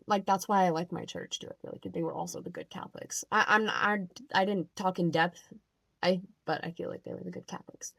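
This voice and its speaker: A woman's voice: medium pitch, no room sound. Exasperated young woman ranting, dry sound. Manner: animated, filler-heavy, exasperated. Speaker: vlogger. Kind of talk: casual storytelling rant.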